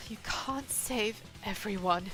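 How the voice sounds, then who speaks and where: A woman voicing a composed young woman who is a cornered suspect in a game, speaking quietly and evenly, at times near a whisper. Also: medium pitch, takes it slowly, soft background music. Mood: cold. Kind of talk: reading game dialogue aloud.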